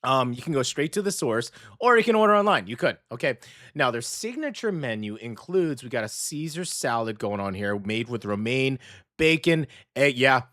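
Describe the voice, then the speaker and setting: An American man hosting a casual radio food segment, chatty and animated, often correcting himself mid-sentence. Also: medium pitch, normal speed, dry recording, clean studio sound. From United States. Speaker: radio host. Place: radio studio.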